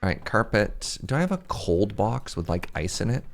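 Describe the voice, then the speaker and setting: A man's voice: on the low side, very animated, moderate pace, a little hiss or hum. A young man streaming a game, chatting casually and rambling, laughing at himself often. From Canada. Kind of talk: casual livestream chat while gaming.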